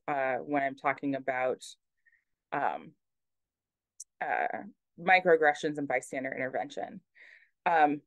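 A woman's voice: low-pitched, dry recording. A woman presenting a workshop in a casual lecture style, hesitant with many ums.

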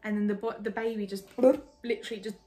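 A woman's voice: mid-range voice, fast. A young woman from England telling a personal story in a casual, candid way, full of "like". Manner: chatty, lots of "like", candid and animated. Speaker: vlogger.

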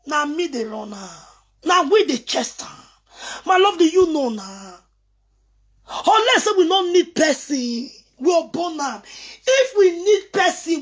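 A high-pitched woman with a Nigerian accent rambles through a video message. She talks in a teasing, excitable way and slides between pidgin and English. Her voice sits well above the usual range for a woman. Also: measured pace.

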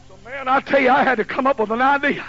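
A man in his fifties preaching a sermon in a folksy storytelling way that builds to shouting, on a dull lo-fi recording. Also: extremely high pitch, fairly even intonation, fast talker, no echo. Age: 50s. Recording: dull lo-fi recording with faint hiss.

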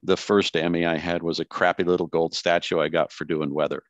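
An older man from the Seattle area speaks as an interview guest with a wry, jokey edge. His voice is very low, and it comes through dry and close. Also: flat delivery, fairly quick, no echo, muffled recording. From Seattle area, United States. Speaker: retired news anchor. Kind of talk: casual interview chat.

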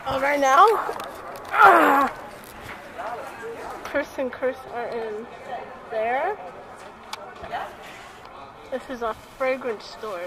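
A woman's voice: sits high, very slow, long pauses, heavy background noise. A young woman vlogging on a phone while shopping in a busy mall, giggly and teasing. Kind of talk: casual chat while shopping. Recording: crowd chatter behind.

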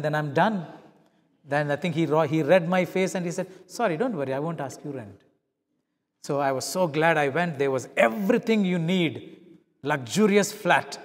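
Man telling a sermon story in a hall. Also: a little high. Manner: animated storyteller acting out quoted dialogue. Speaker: pastor.

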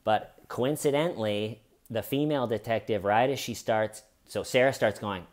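A man breaking down an interrogation in a loose, chatty way. He is animated and wry, with dry dark humor, and often slips into quoting the people he talks about. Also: medium pitch, normal speed, few pauses. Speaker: true crime commentator. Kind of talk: casual video commentary.

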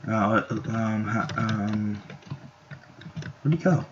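A man's voice: fairly low pitch, drawn-out words, slight background noise. Rambling male gamer on a lo-fi mic. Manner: excitable, rambling, shouts at the game. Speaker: gameplay YouTuber. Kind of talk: casual gameplay commentary. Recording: lo-fi mic with keyboard clicks.

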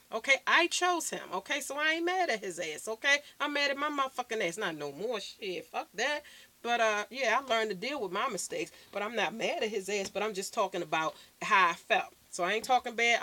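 A woman's voice: mid-range voice, sharp tone. A woman vlogger ranting bluntly and profanely to camera, recorded on her phone. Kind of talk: unscripted rant to camera.

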